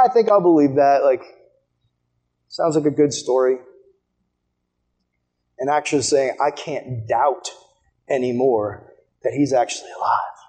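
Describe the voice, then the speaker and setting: Young male preacher, fairly high voice, impassioned sermon delivery that swings between hushed and excited. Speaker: pastor.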